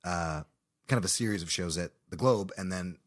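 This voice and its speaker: A man's voice: deep voice, fairly quick. A man from Illinois in his thirties, a guest actor telling stories with plenty of laughter in a casual podcast interview. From Illinois, USA. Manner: animated, laughing storyteller. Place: podcast studio.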